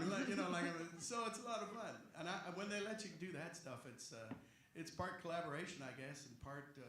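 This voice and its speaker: A middle-aged man, a voice actor answering fan questions at a convention panel, joking and rambling with quick asides. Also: a little high, a bit bright. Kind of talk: convention Q&A chat. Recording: echoey convention hall.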